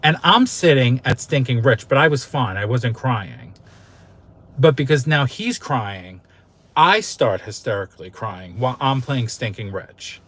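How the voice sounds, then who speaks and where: Animated and a little slow, this man's medium-pitched voice has a fairly bright tone. He hosts his own YouTube channel and shares a personal story in a candid, casual way, full of emotion and frequent swearing.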